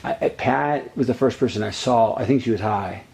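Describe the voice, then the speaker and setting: A man's voice: medium pitch, creaky, a little mellow. A man directing an actor on set, coaching him in a pushy, profane, repetitive way. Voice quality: rapid, pushy, profane, repeats himself.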